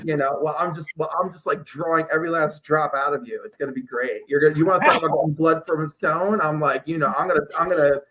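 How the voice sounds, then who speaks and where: A man's voice: on the high side, fast, few pauses, poor audio. A man telling crude rambling stories in a casual panel chat. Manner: crude, rambling storyteller, loud acted outbursts.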